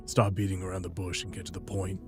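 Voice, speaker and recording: A man's voice: flat delivery, fast talker, over music, natural voice. A man voicing a grim, weary adult warrior hero who speaks curtly and dryly. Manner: low, quiet, dry and curt.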